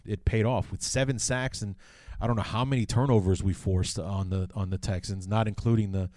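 A man's voice: on the low side, dark tone, no echo, studio quality. A man hosting a casual sports podcast, rambling with lots of fillers and restarts. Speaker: podcast host.

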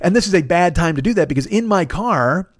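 A man hosting his own podcast, telling rambling, profane stories in a deep radio-style voice and acting out the people in them. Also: animated, brisk, no room sound, studio quality. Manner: profane, rambling storyteller who acts out other people's voices. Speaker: podcast host. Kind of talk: casual solo monologue.

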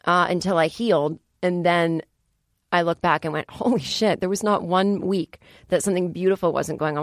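A woman's voice: fairly low pitch, no room sound. A woman hosting a comedy podcast, chatting in a rambling, self-deprecating monologue full of fillers, recorded in a podcast studio. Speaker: podcast host.

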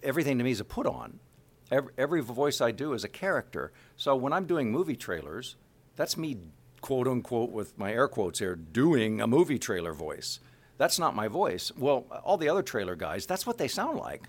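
A man's voice: medium pitch, normal speed. A middle-aged man from Kansas City, a voice actor chatting in an interview and slipping into character voices as he talks. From Kansas City, USA. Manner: animated, slips into character voices mid-sentence. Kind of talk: casual interview chat.

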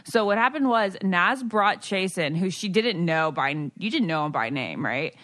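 A woman's voice: fairly low pitch, animated, moderate pace, a bit bright, no room sound. A young woman co-hosting a podcast, teasing and steering the conversation. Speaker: podcast co-host. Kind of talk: casual chat.

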